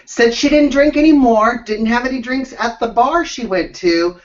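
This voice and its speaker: A man's voice: very high-pitched, moderate pace, far from the mic. A man co-hosting a recap show, chatting with sarcastic, mocking asides and giggles. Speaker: co-host of a reality TV recap show. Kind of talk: casual chat. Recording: dull sound, off the mic.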